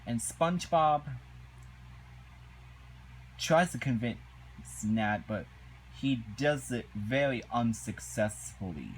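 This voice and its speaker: A man giving a casual, indignant review of a cartoon episode, halting and repeating himself as he recaps. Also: mid-range voice, animated, slight background noise, poor audio.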